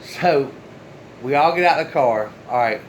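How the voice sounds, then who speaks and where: A man's voice: medium pitch, animated, normal speed, slight background noise, poor audio. A man casually telling a personal story straight to his viewers, loose and chatty, with the odd swear word. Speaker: storyteller, channel host.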